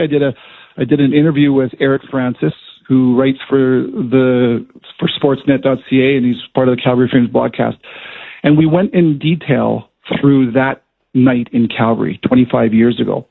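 Gravelly, husky man on a phone line. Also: mid-range voice. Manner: chatty, storytelling, laughs often. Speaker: hockey color analyst, former player. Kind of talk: phone-in radio interview.

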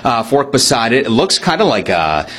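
A man reporting for radio, chatting casually as he tastes fair food and describes every bite out loud. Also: mid-range voice, big pitch swings, normal speed, husky. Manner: chatty, upbeat, describes aloud while chewing. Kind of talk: casual on-location food tasting chat.

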